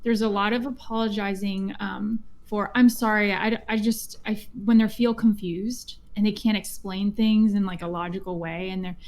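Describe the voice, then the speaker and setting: A woman chats on a podcast about her work as a therapist. She is soft-spoken and empathetic, and her voice sits at an average pitch for a woman. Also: fairly even intonation, normal speed, hardly any pauses. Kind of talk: casual podcast chat.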